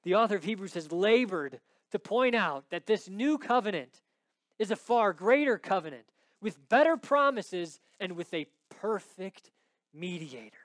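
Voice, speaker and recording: A man preaching a sermon, swinging between hushed, intimate lines and loud, emphatic ones. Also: sits high, animated, a little slow, no echo. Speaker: pastor.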